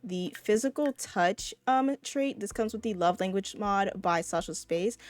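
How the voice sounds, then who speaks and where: Woman, let's-play host, mid-pitched, chatty, talks straight to viewers. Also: a little slow, dry recording. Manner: chatty, addresses viewers as y'all, excitable exclamations. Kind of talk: casual gameplay commentary.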